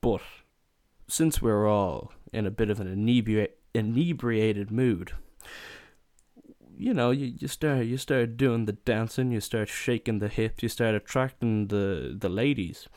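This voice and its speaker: A man's voice: on the low side, measured pace, darkish tone, no room sound, clean studio sound. A young man telling a comic holiday anecdote in a loose, casual way, swearing freely and acting out the lines of people in his story. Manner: swears a lot, acts out quotes in raised voices.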